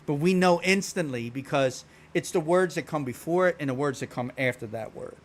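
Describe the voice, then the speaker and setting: A man's voice: on the high side, moderate pace. A man from Philadelphia with a Philadelphia accent, chatting casually on a stream in a slangy, laid-back way and swearing freely. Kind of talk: casual chat. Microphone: streaming microphone.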